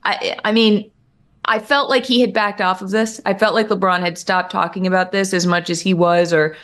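A woman's voice: medium pitch, steady tone, normal speed, fairly bright tone. Sarcastic woman in casual sports chat. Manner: sarcastic, opinionated. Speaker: co-host.

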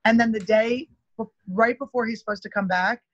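A woman comedian chatting as a podcast guest, telling a long story in an animated way with lots of "like". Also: a little high, a little fast, dry recording, highs cut off. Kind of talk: casual podcast chat.

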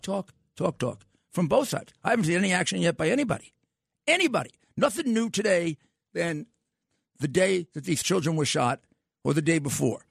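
A man's voice: high voice, vocal fry, breathy edge, no room sound, clean studio sound. An older man hosting a talk radio show, speaking with emphatic, scornful repetition.

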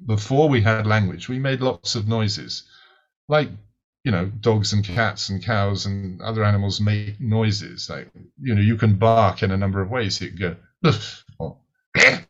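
A British man, a podcast guest and author, explains ideas in a lecturing way, often checking in with "right?" and repeating words as he starts sentences. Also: fairly low pitch. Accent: British English. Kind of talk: explanatory interview answer. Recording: muffled lo-fi audio.

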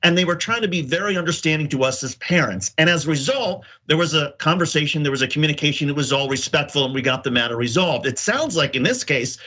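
A man's voice: on the high side, lively intonation, quick pace, few pauses, bright, forceful tone, husky, dull audio. A man co-hosting a news show, earnestly telling a personal story and giving reflective commentary. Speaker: co-host.

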